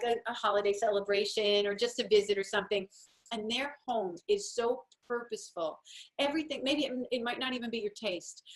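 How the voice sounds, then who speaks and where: A woman home-organizing coach giving a chatty, encouraging talk while sharing her screen. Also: a little high. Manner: chatty and encouraging, acts out little quoted voices.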